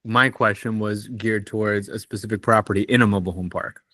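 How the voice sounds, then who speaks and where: A man's voice: lowish voice, steady tone, a little fast, fairly bright tone, no room sound. A man calling into a live Q&A, friendly and laughing easily, with many "um"s. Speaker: caller and student. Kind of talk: casual Q&A question.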